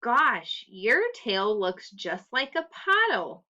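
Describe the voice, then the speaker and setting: A woman's voice: medium pitch, very animated, takes it slowly, bright, forceful tone, full character voice. A woman voicing a friendly young female baby dolphin in a storybook read-aloud, with an eager, upbeat manner. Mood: cheerful. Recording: dull lo-fi recording.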